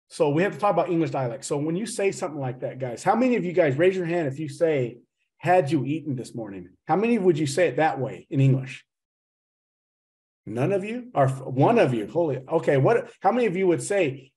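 A man's voice: on the high side, warm tone. Joking man teaching an online language class. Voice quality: teasing, joking, addresses the class as "guys". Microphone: video call.

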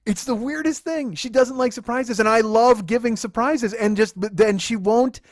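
A man, a comedian hosting his own show, telling a comic story in an animated way that builds to exasperated outbursts. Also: extremely high pitch, normal speed, no room sound, studio quality. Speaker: comedian host.

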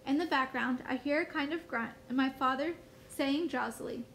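A woman teacher reading a first-person novel aloud in a steady storybook manner. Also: sits high, normal speed, slight background noise, poor audio.

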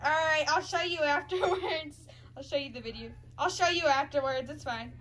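A woman's voice: sits high, normal speed, fairly bright tone. A woman talking to a puppy in a teasing baby-talk voice and laughing often, then chatting casually to her viewers. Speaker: dog breeder vlogger.

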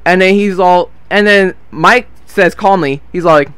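This nineteen-year-old gameplay vlogger rambles through a lengthy story while he plays, swearing freely and losing track of names and of his train of thought. His high-pitched voice moves at a measured pace with hardly any pauses, sounding a bit bright and smooth, with no echo.

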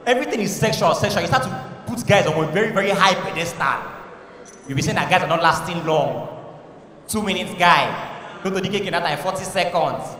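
Nigerian male stand-up, high bright voice, punchy and animated, in a reverberant hall. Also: a little fast, recorded from a distance. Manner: animated, shouting punchlines, mixing in pidgin. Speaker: stand-up comedian. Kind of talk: stand-up comedy routine. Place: live comedy stage in a large hall. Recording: echoey hall from a live show.

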